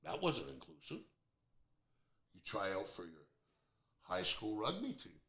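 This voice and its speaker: A man's voice: on the low side, wildly swooping pitch, a little slow, sharp tone. A man in his fifties hosting a podcast, talking bluntly and airing strong opinions in a casual chat. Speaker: podcast host. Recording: roomy echo.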